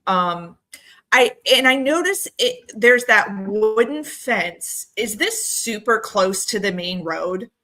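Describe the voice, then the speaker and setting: A woman's voice: fairly high pitch, expressive, slow, sharp tone, faint music behind. A woman hosting a casual live discussion, asking questions while she works a screen share.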